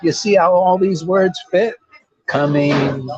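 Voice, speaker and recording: A man's voice: high voice, takes it slowly, darkish tone, breathy edge, dry recording, highs cut off. A man giving an informal devotional talk as a spiritual teacher, blunt, preachy and full of slang.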